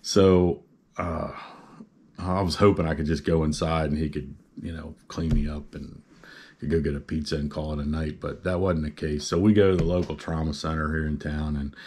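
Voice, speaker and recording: Deep-voiced man telling a rambling story. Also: fairly even intonation, normal speed, a little mellow, breathy edge. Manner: rambling, good-humored, lots of "uh" and "you know". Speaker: vlogger telling a personal story. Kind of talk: casual storytelling.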